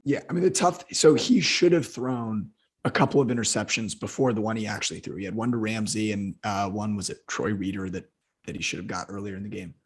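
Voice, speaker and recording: A man with a hoarse, husky voice co-hosts a casual football podcast. He rants heatedly and swears freely as he breaks down a game. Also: fairly low pitch, a little fast. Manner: heated, profane ranting. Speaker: football analyst co-host.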